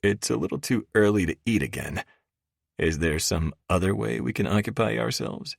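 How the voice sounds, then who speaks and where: A man's voice: fairly low pitch, lively intonation, normal speed, creaky, dry recording, studio quality, voice pushed up. A man voicing a playful young woman in an audiobook romance, light and teasing.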